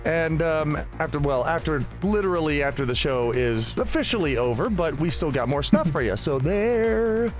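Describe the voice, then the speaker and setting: A man's voice: a little high, expressive, moderate pace, few pauses, soft background music. A man hosting a casual podcast, chatty and rambling, often laughing and restarting his sentences. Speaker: podcast host.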